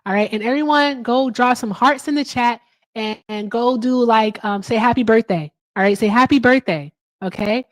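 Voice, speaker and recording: A woman's voice: on the high side, moderate pace, no room sound. A woman hosting a casual livestream. She is chatty and upbeat, says "all right" often and swears casually. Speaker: livestream host.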